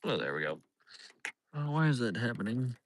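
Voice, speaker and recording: Outdoors in a parking lot, a Philadelphia-accented livestream host in his thirties chats casually to viewers, rambling, laughing often, and repeating himself. His medium-pitched voice swings widely at a moderate pace, with slight background noise.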